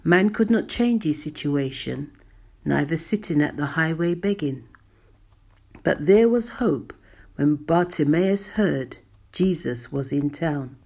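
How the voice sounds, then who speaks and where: A woman preaching a devotional sermon to listeners in a measured, emphatic way. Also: deep voice, lively intonation, a little mellow, slightly rough. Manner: slow, measured, emphatic delivery.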